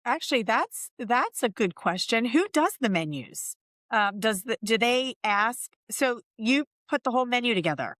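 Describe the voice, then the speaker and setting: A woman's voice: on the high side, expressive, moderate pace, a bit bright, no echo. A woman hosting a podcast, chatting casually and asking her guest questions. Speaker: podcast host. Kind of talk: casual interview.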